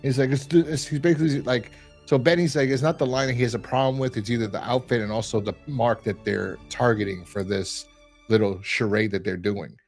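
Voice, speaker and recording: Podcast host, man, mid-pitched, loose casual rambling recap delivery. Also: fairly even intonation, brisk, gravelly, faint music behind. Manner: rambling, lots of fillers and "like". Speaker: podcast host reviewing a horror episode. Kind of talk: casual chat.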